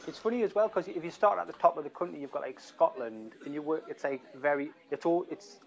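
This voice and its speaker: A man's voice: a little high, creaky, rough recording. A man with a Geordie accent from Newcastle co-hosting a podcast in plain, self-mocking casual chat. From Newcastle, England. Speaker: podcast co-host.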